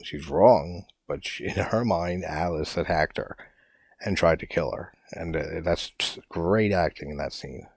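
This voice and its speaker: Deep-voiced man rambling about a film. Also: measured pace, vocal fry, husky, no room sound. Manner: loose, rambling, heavy use of "like", casual swearing. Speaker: podcast host. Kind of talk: casual film review monologue.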